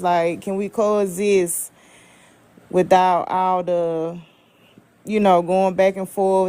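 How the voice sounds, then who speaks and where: A woman in casual podcast chat, asking a question hesitantly with many pauses. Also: on the low side, warm tone, clean tone.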